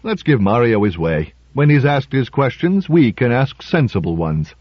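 A man's voice: medium pitch, very animated, normal speed, no room sound, muffled recording, voice pushed up. A man voicing a dry, sardonic male dinner guest in a storybook reading.

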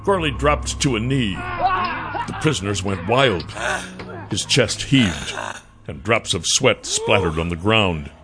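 A man's voice: on the low side, huge pitch swings, slow, over music. A man narrating a fantasy audiobook with dramatic storytelling.

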